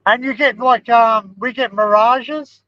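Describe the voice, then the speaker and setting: Aussie guy joking around while driving, really high voice, kinda dull lo-fi sound. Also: steady tone, measured pace, no room sound. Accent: Australian. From Australia. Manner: jokey, playful. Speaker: live stream host. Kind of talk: casual chat while driving. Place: car. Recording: dull lo-fi car stream.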